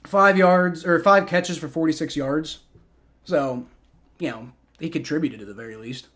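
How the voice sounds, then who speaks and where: This livestream host, a man in his twenties, has a fairly high, slightly bright voice and keeps a normal pace. He drifts between calling the action live and chatting casually, rambling with fillers and repeated words.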